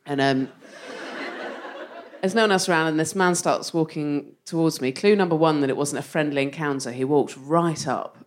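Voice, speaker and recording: Speaking at a moderate pace in a low voice, this comedian and co-host performs stand-up live in a theatre. Her humor is playful and self-deprecating, and laughter often breaks into her delivery.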